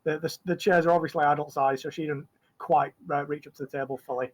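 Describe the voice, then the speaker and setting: A man running a tabletop game as game master. His voice sits a little high, and he narrates in a loose, rambling way with lots of fillers and restarts. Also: fairly even intonation, fast, rough recording.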